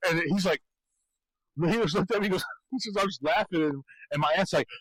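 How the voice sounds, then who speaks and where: A man's voice: high voice, brisk, fairly bright tone, no echo, low-quality recording. A man co-hosting a podcast, telling rambling stories in casual chat and laughing often. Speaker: podcast co-host.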